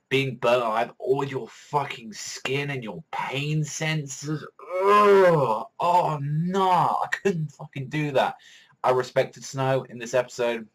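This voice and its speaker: A man giving a casual, excitable fan reaction to a TV episode, swearing heavily and laughing often. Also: medium pitch, rough recording. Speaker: reaction vlogger.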